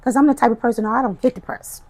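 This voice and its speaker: A middle-aged woman, a podcast guest, giving an emotional personal testimony in an expressive, animated storytelling manner. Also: fairly high pitch, fast. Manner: expressive, animated storytelling, voices her past self.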